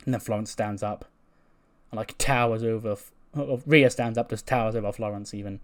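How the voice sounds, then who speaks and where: A man's voice: fairly low pitch, steady tone, moderate pace. A man casually narrating and commenting on a game, rambling and correcting himself as he goes. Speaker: gaming channel host.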